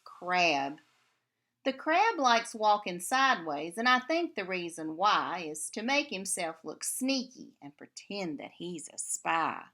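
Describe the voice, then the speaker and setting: A woman reads a rhyming children's picture book aloud and pauses to chat about the pictures and add sound effects. Her voice is bright and very lively, swooping up and down. She reads slowly and clearly. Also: fairly low pitch. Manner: expressive and animated, adding sound effects.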